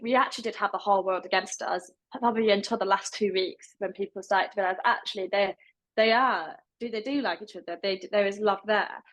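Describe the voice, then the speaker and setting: Young adult woman, deaf accent, level and even delivery; casual podcast guest. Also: medium pitch, brisk, poor audio. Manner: fairly level, even delivery with some words pronounced differently. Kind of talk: casual interview talk.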